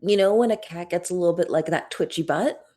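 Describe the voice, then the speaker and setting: Woman player, kinda low voice, says like a lot, halting. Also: warm tone. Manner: hesitant, lots of "like". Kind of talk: casual tabletop game chat.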